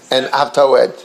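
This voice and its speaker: A man preaching a sermon as a bishop, dropping to low murmurs and whispers and then rising into excited, lively preaching. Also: creaky.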